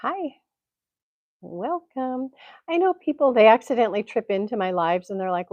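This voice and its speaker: A woman's voice: fairly high pitch, lively intonation, normal speed, darkish tone, no echo. Woman chatting at home, rambling, laughs a lot, muffled dry computer mic. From Tennessee, USA. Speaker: livestream host. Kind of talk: casual chat. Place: home, indoors.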